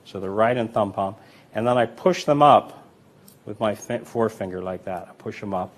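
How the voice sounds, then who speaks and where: Man casually teaching coin sleights. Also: medium pitch. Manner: relaxed, conversational, tells anecdotes with acted quotes; counts coins aloud while demonstrating sleights. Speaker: magic teacher. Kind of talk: casual instructional demonstration.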